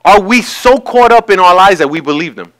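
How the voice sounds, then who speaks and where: A man's voice: high voice, animated, fairly quick, fairly bright tone, poor audio. A man preaching a sermon as pastor in a church, talking conversationally and acting out quoted voices.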